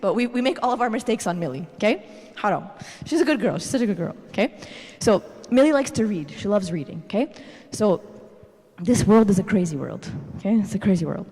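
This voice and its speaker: A woman in her thirties giving a parenting talk at a church, telling animated personal stories and tagging her points with "okay?". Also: medium pitch, brisk, husky. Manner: animated storytelling, tags lines with "okay?". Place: church hall. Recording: reverberant church hall.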